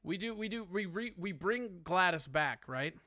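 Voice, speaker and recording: A man's voice: sits high, expressive, moderate pace, bright, forceful tone, no room sound, studio quality. A man hosting a casual call-in show, teasing and joking with his guest. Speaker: host.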